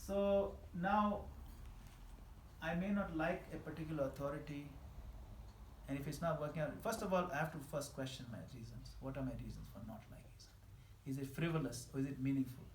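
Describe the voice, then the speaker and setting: A man giving a scripture class in a temple hall, animated and emphatic, laughing at his own examples. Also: a little high, brisk, a little hiss or hum. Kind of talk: scripture class lecture answering questions. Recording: echoey hall with faint ambience.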